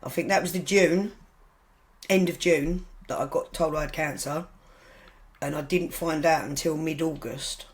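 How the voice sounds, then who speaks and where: A woman's voice: low voice, fairly even intonation, a little slow, low-quality recording. A woman talks as a podcast guest, telling her story casually and frankly. She rambles and backtracks often and corrects herself, with blunt humour and the odd swear word.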